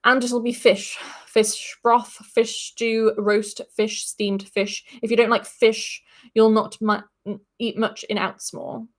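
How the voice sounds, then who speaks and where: A blunt innkeeper woman speaks in cold, clipped phrases, brisk and unwelcoming, as a woman reading a story aloud puts her on. Her voice is fairly high and firm. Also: flat delivery. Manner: curt and cold.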